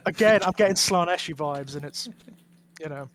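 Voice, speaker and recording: A man co-hosts a podcast with easy banter and ready laughter. His voice sits fairly high for a man. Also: normal speed. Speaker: podcast co-host. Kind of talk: casual chat.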